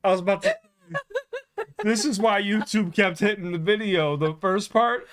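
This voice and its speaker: A man hosting a reaction video, telling a story in an excitable, casual way with swearing. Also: sits high, moderate pace, a loud crowd, heavy background noise. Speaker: reaction channel host.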